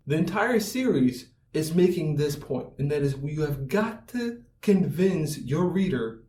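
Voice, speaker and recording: A man with a slightly high voice lectures on writing, asking rhetorical questions and answering them himself. He acts out little everyday scenes to make his points. He sounds set back from the mic in a room with a noticeable echo. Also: dark tone. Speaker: writing instructor. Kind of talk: explanatory video lecture. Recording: echoey room, voice from a distance.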